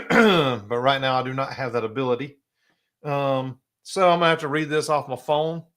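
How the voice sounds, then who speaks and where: A middle-aged man with a South Carolina accent hosting a casual live stream, chatty and drawling, often clearing his throat. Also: mid-range voice, animated, moderate pace, a bit bright. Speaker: host.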